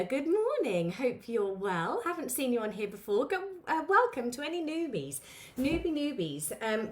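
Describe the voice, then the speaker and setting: Woman hosting a live beading tutorial, chatty and informal. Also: fairly high pitch. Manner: chatty, greets viewers by name, many fillers. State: out of breath. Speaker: craft tutorial host. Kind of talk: live-streamed craft lesson, chatty.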